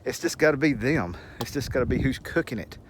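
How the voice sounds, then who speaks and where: A man's voice: medium pitch, animated, fairly quick. A man telling a rambling, folksy story to the camera and chuckling as he goes, recorded at home with a faint hum behind him. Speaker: channel host.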